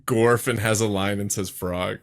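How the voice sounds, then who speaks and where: A man's voice: lowish voice, steady tone, unhurried, dry recording, studio quality. A man co-hosting a casual livestream podcast, laughing and repeating jokes. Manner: giggly, repeats the joke. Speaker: podcast co-host.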